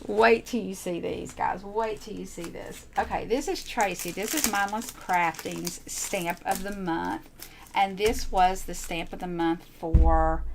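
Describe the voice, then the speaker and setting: Woman, lower voice, gushing, rambling craft-room chatter. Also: slight background noise. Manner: chatty, gushing, repeats herself. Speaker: crafting channel host. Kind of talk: casual show-and-tell crafting chat.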